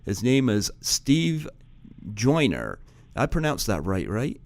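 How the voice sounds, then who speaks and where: A man's voice: medium pitch, wildly swooping pitch, slow, creaky, a little mellow. A man hosting a community radio interview show, speaking casually with fillers and a friendly tone. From Canada. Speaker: radio host.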